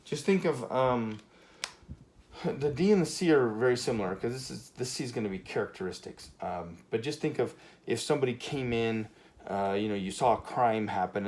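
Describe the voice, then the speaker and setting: A man teaching a Spanish grammar lesson at a whiteboard, relaxed and full of fillers, checking in with "okay" often. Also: on the low side, normal speed. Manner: relaxed, many fillers and okays.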